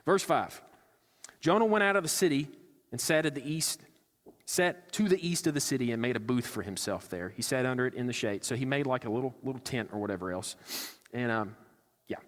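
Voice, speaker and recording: A man's voice: mid-range voice, fairly quick. Conversational preacher man in a reverberant church. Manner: conversational, acts out quotes with sarcasm. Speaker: pastor. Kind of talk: sermon. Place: church sanctuary.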